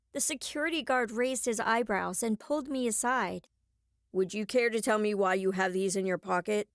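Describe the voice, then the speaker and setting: A woman narrating a first-person young adult novel as an audiobook, clear and expressive on a close mic. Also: a little high, no echo.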